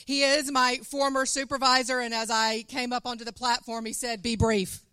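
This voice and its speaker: A woman pastor introducing a guest preacher in a brisk, anecdotal way. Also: high-pitched, bright, forceful tone, smooth, no room sound. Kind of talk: sermon introduction.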